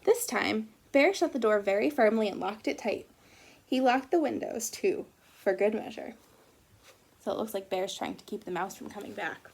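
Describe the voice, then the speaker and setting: A woman teacher reading a picture book aloud to children, gently pausing to ask them questions about the story. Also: medium pitch, expressive, vocal fry, breathy edge. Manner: gentle, asks children questions as she reads.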